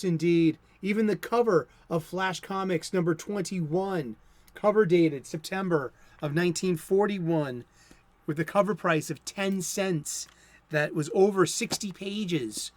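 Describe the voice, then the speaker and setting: A man in his fifties talks his way through a comic book monologue with firm opinions. His voice sits a bit higher than most men's. He speaks conversationally and sometimes stumbles and restarts a phrase. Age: 50s. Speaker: comic book video host. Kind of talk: casual monologue.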